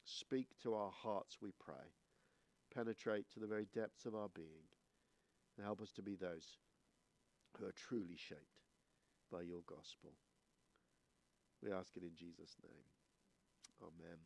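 A man in his sixties with a croaky, hoarse voice, preaching a sermon and praying, measured and a little hesitant. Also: low-pitched, a little mellow. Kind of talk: sermon with scripture reading and prayer. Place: church.

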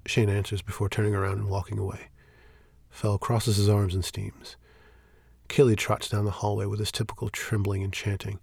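A man narrating a scripted short horror story in a measured, even way. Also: lowish voice, creaky, slightly rough, no echo. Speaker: story reader.

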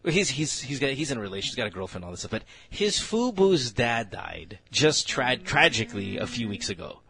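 A man's voice: mid-range voice, big pitch swings, fairly quick, vocal fry, sharp tone, husky, no room sound. A man with a Filipino accent hosting a morning radio show, telling stories with frequent laughs. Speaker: radio host. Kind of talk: casual morning radio banter.

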